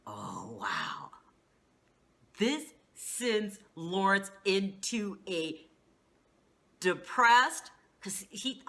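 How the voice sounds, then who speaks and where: Animated, bright-voiced woman recapping TV. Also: mid-range voice. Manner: animated, gossipy, swears casually. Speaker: TV reality show reviewer. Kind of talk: casual recap monologue.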